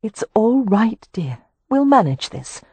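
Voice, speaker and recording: A woman's voice: a little high, sing-song, slow, warm tone, husky, dry recording, pitched above the performer's own voice, exaggerated voice. A woman reading a firm, soothing elder sister. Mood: reassuring. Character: calm, commanding young woman, reassuring elder sister.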